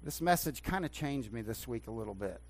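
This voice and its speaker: A man preaching a sermon as pastor in a church, swinging between hushed talk and loud emphatic preaching. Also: mid-range voice, animated, brisk, gravelly. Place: church sanctuary.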